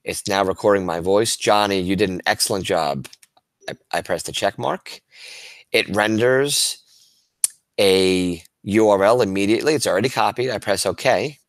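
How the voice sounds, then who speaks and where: Speaking at a normal pace in a low, deep voice, a male teacher runs a webinar for fellow educators, demonstrating things on screen. His manner is casual and enthusiastic, full of fillers and frequent restarts, so it stays conversational. The audio is dry and close-miked, with essentially no room sound.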